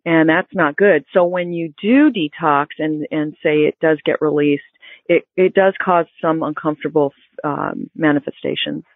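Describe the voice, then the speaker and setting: A woman health expert explaining diet in an interview, informative and measured. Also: low voice, dry recording. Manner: explanatory, informative, with some restarts. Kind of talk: interview answers. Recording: phone-like, dry line.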